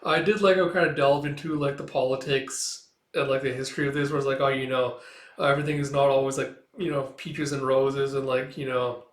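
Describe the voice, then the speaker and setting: A man's voice: medium pitch, flat delivery, a little fast. A man casually reading through a manga, rambling with lots of fillers. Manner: rambling, full of fillers like "it's like". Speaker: comic reader. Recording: echoey room.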